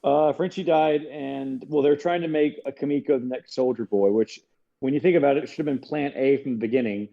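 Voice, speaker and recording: A man co-hosting a casual podcast chat, relaxed and wondering aloud. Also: mid-range voice, fairly quick, vocal fry, muffled recording. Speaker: podcast co-host.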